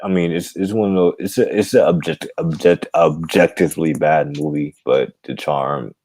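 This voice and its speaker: A man's voice: extremely low pitch, steady tone, moderate pace, a little mellow. A man talking as a podcast guest in casual chat, rambling and digressive.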